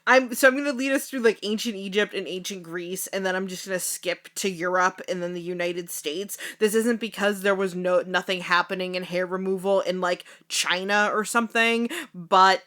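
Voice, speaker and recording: A young woman co-hosting a casual podcast chat, explaining history in a relaxed, joking way and laughing easily. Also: medium pitch, moderate pace, hardly any pauses. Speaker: podcast co-host.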